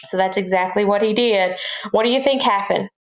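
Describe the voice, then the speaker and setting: A woman teaching a children's Bible class, telling a story in an animated way and asking the kids questions. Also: mid-range voice, fairly quick, echoey room.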